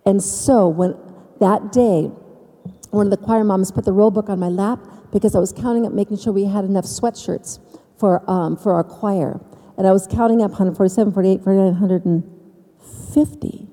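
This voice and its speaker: A woman telling her personal faith story to an audience, with dramatic pauses and emphasis. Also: medium pitch, dark tone, in a large hall. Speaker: speaker giving faith testimony. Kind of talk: personal testimony speech.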